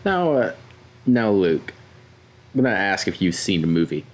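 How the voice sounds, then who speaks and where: A young man co-hosting a podcast, chatting casually and hesitantly with many pauses and fillers. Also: sits low, big pitch swings. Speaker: podcast co-host. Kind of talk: casual chat.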